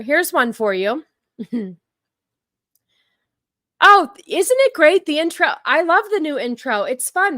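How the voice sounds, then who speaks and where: Woman host reacting to chat on a stream, slightly high, dry close recording. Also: pushed and bright, no room sound. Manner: talks back to chat, many fillers and repeats. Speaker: livestream host. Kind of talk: casual livestream commentary.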